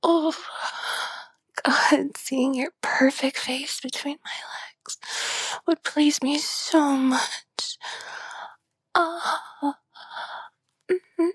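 A woman in a whispered role-play, talking in a sleepy voice with soft sighs and breathy moans into a close microphone. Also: sits high, fairly even intonation, extremely slow, long pauses, dry recording. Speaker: audio creator.

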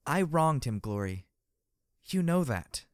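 A man's voice: on the high side, very animated, slow, no echo, studio quality, pitched above the performer's own voice. A man voicing a tough female pony mercenary who speaks urgently and earnestly in a raised voice.

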